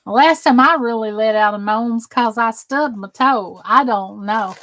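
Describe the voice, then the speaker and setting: A woman's voice: fairly high pitch, measured pace, a bit bright. A middle-aged woman with a Southern American accent, casually chatting and joking with viewers during a crafting livestream. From Southern United States. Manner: chatty and joking, reading out and answering viewer comments. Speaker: crafting channel host on a livestream.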